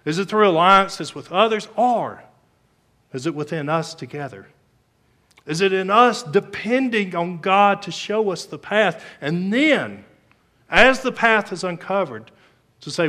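A man with a slightly high voice preaching from the pulpit, moving between story and prayer. He pushes words out loudly for emphasis, then drops to near-quiet phrases, restarting lines and filling gaps with ums. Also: expressive, measured pace. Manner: swings between loud emphasis and soft, hushed phrases. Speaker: pastor.

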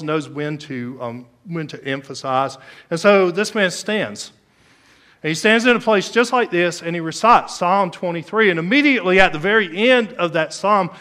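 Higher-voiced pastor swinging loud and soft. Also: male voice. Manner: swings between loud emphasis and soft, hushed phrases; repeats and restarts phrases with frequent ums. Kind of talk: sermon with storytelling and prayer.

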